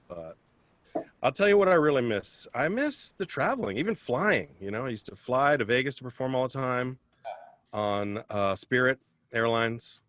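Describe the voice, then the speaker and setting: A man's voice: mid-range voice, animated, normal speed, noisy background. A man doing a self-deprecating stand-up comedy set over a video call, chatting with viewers between jokes.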